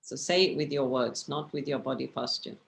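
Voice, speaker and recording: Her voice is very deep with vocal fry, and she talks a little fast. She's teaching a communication class on a video call, giving a slide-based online lecture in a chatty style and regularly checking in with listeners.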